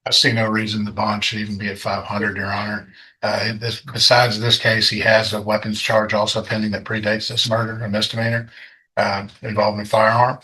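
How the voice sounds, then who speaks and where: A man's voice: fairly low pitch, completely flat delivery, a little fast, sharp tone, rough recording. A man prosecutor arguing in court in a firm, plain-spoken way.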